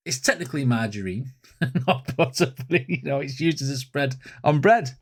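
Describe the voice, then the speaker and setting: With an animated, mid-range voice at a moderate pace, a man hosts a music reaction video. He chuckles and enthuses as he breaks down the lyrics in casual commentary.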